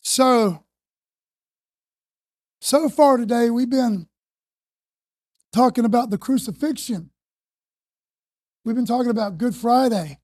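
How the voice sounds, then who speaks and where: A woman's voice: on the high side, slow, long pauses, a little mellow, no room sound, clean studio sound. A woman preaching a sermon in a conversational, slangy and emphatic way.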